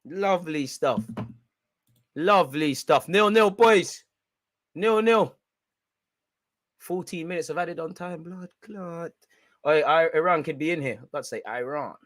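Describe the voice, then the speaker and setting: A young man hosting a football watch-along, reacting loudly in slangy, shouty commentary. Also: a little high, unhurried, long pauses, no echo. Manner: excitable, shouty and slangy, chanting and yelling at the referee.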